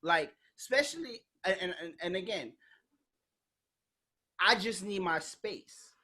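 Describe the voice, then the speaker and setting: A woman's voice: medium pitch, animated, takes it slowly, bright, forceful tone, slightly rough. A woman hosting a podcast in casual chat, talking bluntly and animatedly, acting out quoted voices and swearing freely. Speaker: podcast host.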